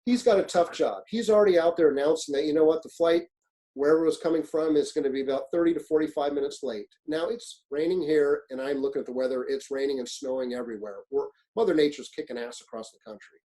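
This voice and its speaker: A man's voice: fairly high pitch, fast, low-quality recording. A middle-aged man giving a webinar on fire service leadership, telling stories in a blunt, profane way and acting out what people said. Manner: animated storyteller, acts out quotes, blunt and profane. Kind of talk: webinar presentation, storytelling. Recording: webinar, own presentation.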